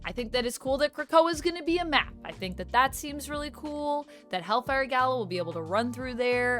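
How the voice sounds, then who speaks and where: A woman's voice: on the high side, a bit bright. A woman YouTuber chatting casually in a reaction vlog, gushing as a self-described fan.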